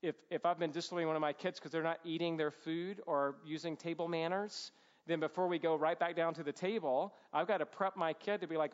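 Man, fairly high voice, earnest Christian-parenting teacher, numbered talk, muffled lo-fi audio. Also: fairly even intonation. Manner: earnest, emphatic, quick asides. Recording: dull lo-fi sound.

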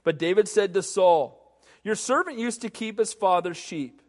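High-voiced preacher in a reverberant hall. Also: male voice, normal speed. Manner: animated preaching, acting out biblical voices. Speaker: pastor. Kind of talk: sermon.

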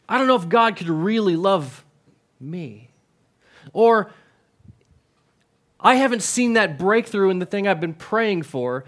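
A man's voice: high-pitched, fairly bright tone. A middle-aged male pastor giving a conversational sermon, often asking the congregation questions and repeating words.

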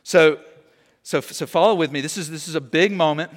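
A young man preaching a sermon, animated and conversational, often checking in with "okay?". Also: on the high side, normal speed, big-room sound. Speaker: pastor.

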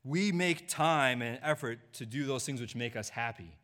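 A man preaching a sermon, dropping to a hushed, low delivery and rising to a pleading voice when he voices a sinner's confession. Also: moderate pace. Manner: swings from hushed low delivery to raised, pleading voice in quoted lines.

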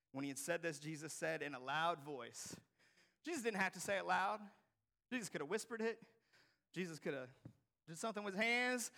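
A man preaching a sermon to a congregation, swinging from hushed, near-whispered lines to loud, emphatic passages. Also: high voice, lively intonation, fairly quick, vocal fry. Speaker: pastor. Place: church hall before a congregation.

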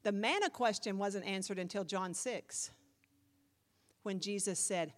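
A woman pastor preaching a sermon, dramatic and fervent, dropping to a hush and rising to loud cries as she quotes scripture. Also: mid-range voice, lively intonation, measured pace, in a large hall.

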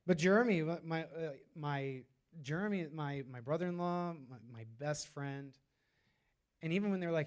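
A man's voice: a little high, normal speed, darkish tone, clean tone. A man preaching a sermon in a loose, conversational way, with many fillers and restarts. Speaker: pastor.

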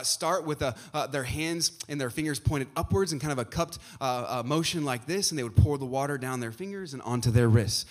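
A man preaching a sermon to his congregation, often filling pauses with uh and repeating phrases, and calling out questions for the crowd to answer. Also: fairly high pitch. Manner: asks the congregation for responses. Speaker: pastor.

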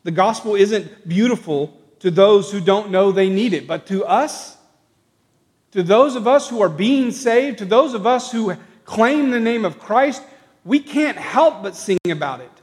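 A man's voice: sits high, animated, measured pace. Fervent preacher man, echoing church hall. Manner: builds from quiet reflection to raised emphatic declarations. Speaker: pastor. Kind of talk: sermon. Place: church sanctuary. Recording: long reverb of a church hall.

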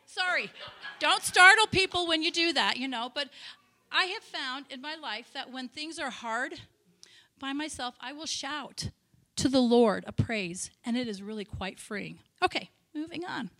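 A woman missionary giving a sermon, telling stories with feeling, breaking into shouted praise and chatty asides. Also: high voice, lively intonation, measured pace, no room sound. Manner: emotional storytelling, bursts into loud shouted praise; chatty, self-interrupting asides. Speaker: missionary speaker.

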